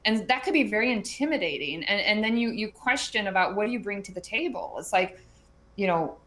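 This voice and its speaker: A woman speaking as a podcast interview guest, chatty and animated, with frequent fillers and restarts as she shares advice from her work as an educator and mentor. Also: medium pitch, fairly quick. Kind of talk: casual conversational interview.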